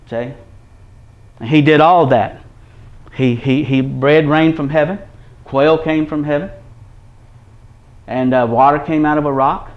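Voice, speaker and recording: A man preaching an earnest Bible-teaching sermon, repeating his points and checking in with his listeners. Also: medium pitch. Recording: dull lo-fi recording.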